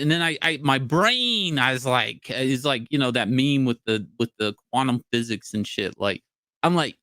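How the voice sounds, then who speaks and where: A man's voice: medium pitch, expressive, normal speed, sharp tone, no room sound, studio quality. A man from North Carolina with a mixed Southern accent, rambling and swearing in casual chat. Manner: profane, rambling, jokey.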